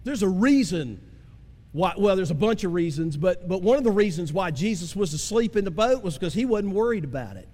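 A man preaching a sermon as pastor, swinging from impassioned cries down to slow, low emphasis. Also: animated, a little mellow. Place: church sanctuary. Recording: long hall reverb.

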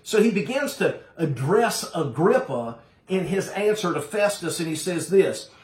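A man's voice: high-pitched, very animated, measured pace, reverberant. A man preaching a sermon to his congregation, emphatic and direct, calling his listeners folks. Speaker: pastor.

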